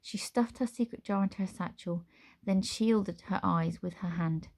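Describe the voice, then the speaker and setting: A woman reading a children's storybook aloud as narrator, with measured, expressive storytelling. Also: medium pitch, vocal fry.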